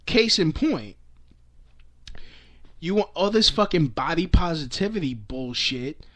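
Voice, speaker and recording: A young man vlogs a rambling, comic rant to camera, swearing often, restarting constantly and laughing along the way. His voice sits a little high, with an animated, unhurried delivery and a fairly bright tone.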